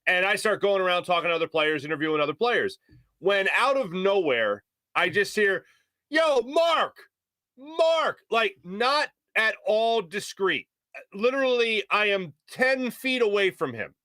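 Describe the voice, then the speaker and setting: A male sports radio host, telling a story on air in an animated way. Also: high voice, moderate pace, no echo. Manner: animated storyteller, mimics shouting voices. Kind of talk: storytelling on a sports talk show. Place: radio studio.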